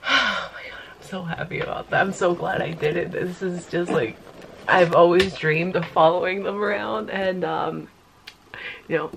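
A young woman in her twenties talks to her camera in a slow, gravelly-edged voice with plenty of vocal fry. She is emotional and close to tears, gushing and giggling between her words. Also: mid-range voice, slight background noise. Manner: gushing, giggly, breaks into laughter often. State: teary and emotional. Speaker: vlogger. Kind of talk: casual emotional vlog to camera.

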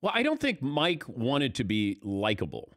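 Animated sports radio host, dry studio sound. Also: male voice, medium pitch, normal speed, no echo. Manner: animated, restarts often, swoops up for emphasis. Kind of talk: casual sports talk.

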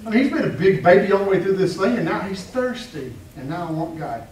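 A man's voice: high-pitched, very animated, fast talker, darkish tone, slight background noise. A man preaching a sermon with emphatic repetition and rhetorical questions. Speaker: pastor. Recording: echoey room, heard from a distance.

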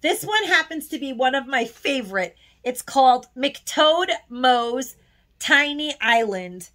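In a casual haul video, a woman gushes and gets emotional, nearly crying at times. Her high voice is animated and fairly bright, and her pace is slow.

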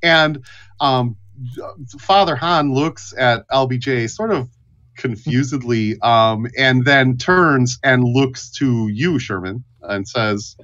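A man's voice: mid-range voice, a bit bright. A man narrates a tabletop game as its game master, stopping and restarting his phrases often. The sound is a touch dull and lo-fi. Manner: halting, many restarts and fillers. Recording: dull lo-fi audio.

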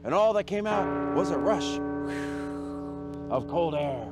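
Playful kids' book reader, man, slow and bouncy. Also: a little high, lively intonation. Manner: playful, chatty asides, sound effects. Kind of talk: children's book read-aloud. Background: loud music.

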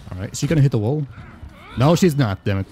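Male streamer, lively swooping pitch, excitable and profane, mid-range voice. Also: quick pace, soft background music. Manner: excitable, swearing, yelps at the action. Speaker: gaming streamer. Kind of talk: casual live-stream commentary while playing.

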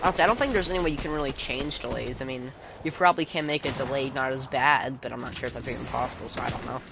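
A man's voice: mid-range voice, rapid-fire, gravelly. A young man chatting casually while streaming a game, rambling and calling everyone bro. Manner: rambling, excitable, says bro a lot. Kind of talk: casual gaming chat. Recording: noisy game stream audio.

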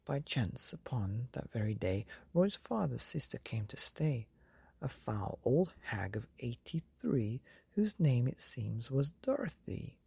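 A woman reading a rhyming story aloud at bedtime, soft and half-whispered. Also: very deep voice, big pitch swings, slow, creaky, breathy edge, dry recording. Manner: soft, half-whispered, sing-song rhyme.

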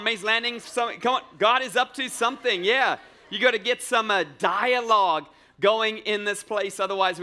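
A man preaching in a church, his voice high and bright as he works the room. He jokes, repeats his lines and keeps asking the congregation questions in a lively call-and-response sermon. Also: clear, resonant tone. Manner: energetic, jokey, repeats phrases and asks the crowd questions. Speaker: pastor. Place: church sanctuary with live congregation.

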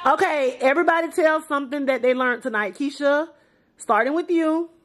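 A woman in her forties chatting casually to her vlog camera and hosting a video call, thinking out loud as she goes. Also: sits high, normal speed, roomy sound. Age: 40s. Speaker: vlogger and video call host.

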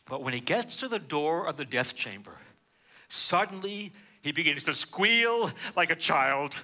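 A man preaching as a rabbi, telling a story with dramatic swings from loud to hushed. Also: a little high, very animated, a little slow. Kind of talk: sermon.

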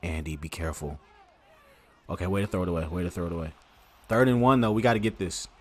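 A man streaming a football video game, giving excitable, slangy live commentary and talking to his viewers. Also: lowish voice, very fast. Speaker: gaming streamer. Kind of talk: casual live gameplay commentary.

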